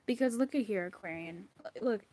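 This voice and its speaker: A woman's voice: mid-range voice, brisk, mellow, slight background noise. Blunt, profane woman tarot reader. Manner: blunt and profane, exasperated scolding. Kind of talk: intuitive card reading.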